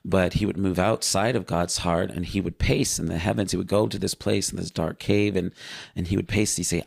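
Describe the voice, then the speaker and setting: A man's voice: low-pitched, fairly even intonation, fairly quick, creaky, husky, no echo, clean studio sound. A man earnestly recounting a vivid spiritual vision in casual spoken testimony. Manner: earnest, vivid storytelling with fillers.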